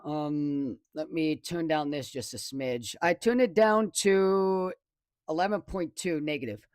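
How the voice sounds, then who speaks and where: Excitable high-voiced man streaming the weather. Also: a little slow, dry recording. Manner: rambling, self-correcting, excitable. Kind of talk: casual live weather stream commentary. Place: home live stream studio. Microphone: desk microphone, close.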